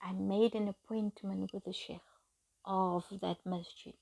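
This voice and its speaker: Whispery, gravelly middle-aged woman storyteller. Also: medium pitch, steady tone, a little slow, mellow. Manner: half-whispered, confiding delivery. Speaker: storyteller recounting her marriage. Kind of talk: personal storytime monologue. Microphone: phone.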